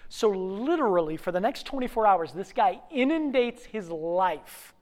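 A pastor preaching a sermon, telling a story in an animated way that swings between quiet and loud. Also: mid-range voice, fairly quick, hardly any pauses.

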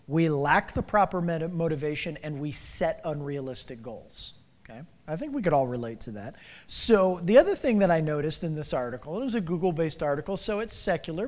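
A man in his forties preaching an interactive sermon, joking with the congregation and calling on people by name. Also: fairly high pitch. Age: 40s. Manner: playful, calls on the congregation by name. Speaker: pastor. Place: church sanctuary. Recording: reverberant hall.

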